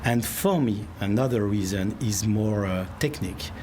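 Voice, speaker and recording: A man's voice: lowish voice, moderate pace, a little mellow. A man with a French accent, a winemaker and company head, giving a thoughtful interview answer in non-native English, searching for words. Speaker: winemaker and CEO. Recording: clear background noise.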